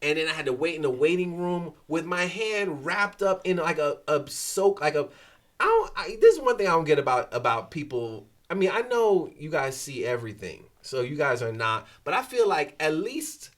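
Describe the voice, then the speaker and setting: Animated storytelling man, fairly high voice. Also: normal speed. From Haitian family. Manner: animated storyteller, acts out exchanges with lively shifts in pitch. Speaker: guest. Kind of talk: casual chat.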